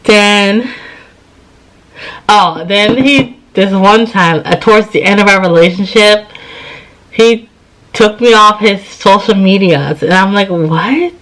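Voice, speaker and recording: A woman in her thirties tells a personal story in a relaxed, chatty way. She sounds tired and acts out what each person said. Her voice sits at an ordinary middle pitch. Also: takes it slowly, pauses often, low-quality recording. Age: 30s. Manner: chatty, retells scenes with quoted dialogue. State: tired, yawning. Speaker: vlogger. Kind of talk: casual storytime.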